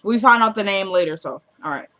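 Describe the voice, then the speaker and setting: A woman recaps a TV episode in a loose, chatty way, running through the story as though talking to friends. Her voice is bright and forward. She slips into the characters' lines as she goes. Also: medium pitch, expressive, fast talker. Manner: chatty storytelling, acting out quotes. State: hyped up in the morning.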